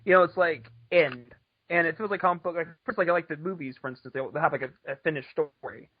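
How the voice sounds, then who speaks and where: Guy talking real fast about movies, rambly, kinda higher voice, dull lo-fi podcast audio. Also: breathy edge. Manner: rambling, fast, swearing, laughs often. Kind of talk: casual chat.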